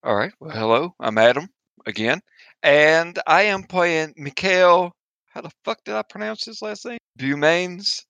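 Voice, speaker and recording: Bright-voiced man chatting at a game table. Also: fairly high pitch, moderate pace, creaky, no echo, lo-fi sound. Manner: rambling, self-mocking jokes. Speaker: player. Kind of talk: casual tabletop game chat.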